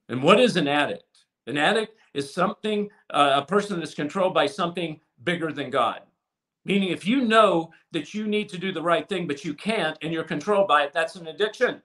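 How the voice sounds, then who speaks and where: Impassioned male preacher, higher voice. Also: expressive, moderate pace. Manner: impassioned preaching with sudden swings from loud to soft; repeats words and restarts mid-phrase. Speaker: pastor. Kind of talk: sermon.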